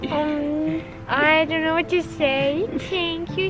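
High-voiced giggly woman vlogger. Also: lo-fi sound, over music. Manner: giggly, excitable, reads aloud haltingly. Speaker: vlogger, birthday girl. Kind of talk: casual vlog chat.

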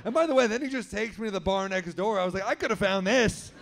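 Wry deadpan man doing stand-up. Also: high voice, racing, creaky. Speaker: comedian. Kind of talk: stand-up comedy storytelling. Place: indoor comedy venue.

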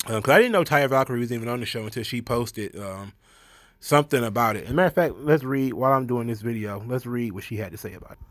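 A man's voice: medium pitch, quick pace, fairly bright tone, no echo. A man in the middle of his range talks bluntly into a close, dry mic, his commentary casual and sarcastic. He waves things off with scorn and stumbles into restarts now and then. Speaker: online commentary host.

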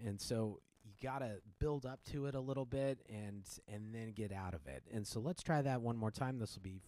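A man explaining his piano piece in a casual tutorial, relaxed, with many fillers and restarts, counting beats aloud. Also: on the low side, moderate pace, no echo. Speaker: piano teacher and composer.

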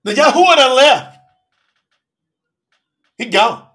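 A man preaching in a strikingly high voice. His tone is bright and forceful. He talks in an emphatic, colloquial way and keeps turning to the congregation with direct questions. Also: lively intonation, slow pace. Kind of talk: sermon.

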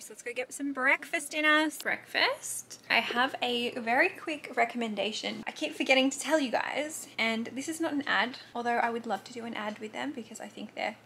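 Young Australian woman, casual vlog, slight lisp, frank and sweary, hushed asides, gravelly tone, background noise. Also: fairly high pitch. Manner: chatty, frank and swears freely, often drops to a hushed whisper. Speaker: vlogger.

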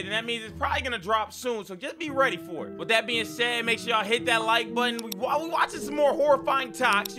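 A young man reacting to scary clips, excitable and full of slang, yelping and shouting at the scares. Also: very high-pitched. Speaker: video reaction host.

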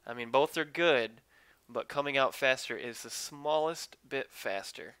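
A man's voice: mid-range voice, measured pace, fairly bright tone, clean tone, no echo. A man commentating his own online racing game live, chatting with viewers while he drives. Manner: upbeat, talks to chat while driving.

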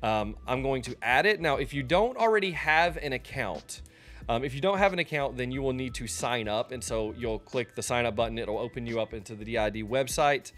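A man's voice: mid-range voice, expressive, brisk, a bit bright. Chatty man walking through a tutorial. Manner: chatty and loose, with frequent ums and restarts. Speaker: streamer teaching a software tutorial. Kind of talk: casual screen-recorded tutorial.

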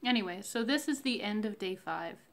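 A woman talking slowly and reflectively in a casual faith diary, with many fillers and pauses. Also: medium pitch, animated. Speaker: vlogger sharing a fasting diary.

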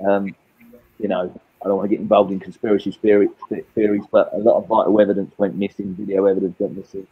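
A man's voice: low-pitched, level tone, fast talker, slightly rough, narrow, tinny audio. A Cockney man in his late fifties, a guest telling his own life story in a rambling way, often repeating and restarting his words. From England. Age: 50s. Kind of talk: candid personal storytelling.

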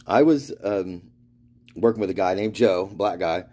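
A man from Florida talks in a loose, meandering monologue, drifting between restarts and trailing thoughts. His voice sits low with a mellow, soft-edged tone. He swears freely and laughs through his own stories. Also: measured pace. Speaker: spiritual vlogger. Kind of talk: rambling monologue.

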